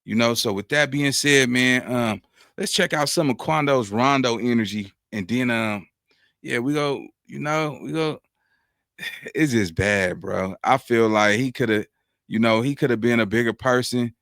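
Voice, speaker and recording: This commentary host is a man with a slightly slow, somewhat bright voice and some vocal fry, captured in a dry, studio-quality recording. He rambles through a casual reaction piece in street slang, leaning on "you know what I'm saying" over and over, and his preachy tone slides from high pitch down to low.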